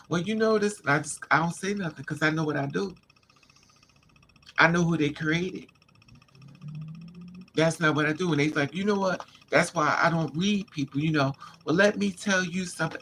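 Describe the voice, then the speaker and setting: A man's voice: a little high, pushed and bright, a little hiss or hum. A man livestreaming, telling a candid personal story in an emphatic, casual way and calling his listeners honey and child. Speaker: livestream host.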